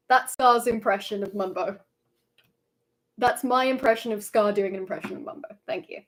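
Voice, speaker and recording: A woman's voice: a little high, animated, slow pace, long pauses. A young woman streaming live in casual chat, playful and laughing often.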